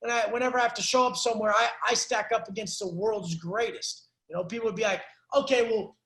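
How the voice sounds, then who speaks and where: A man's voice: sits high, fairly even intonation, fast, fairly bright tone, reverberant. A man coaching a caller in a blunt, profane, preachy way. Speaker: life coach. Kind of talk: coaching call.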